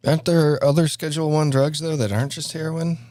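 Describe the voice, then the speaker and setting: A man's voice: a little high, little pitch movement, fast talker, darkish tone. A man hosting a stream in casual commentary, rambling with lots of fillers and restarts. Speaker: stream host.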